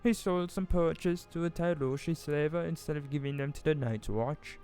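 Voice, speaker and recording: A man reading a fantasy novel aloud in a relaxed, casual way, stumbling over words now and then. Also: on the high side, moderate pace, soft background music. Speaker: audiobook reader. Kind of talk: casual audiobook reading with asides.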